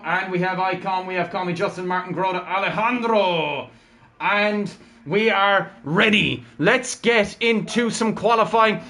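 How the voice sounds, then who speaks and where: A young man with a high voice commentates a live racing stream, upbeat and chatty as he keeps calling out to his viewers. Faint noise hums underneath. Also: a bit bright. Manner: upbeat, chatty, talks to chat.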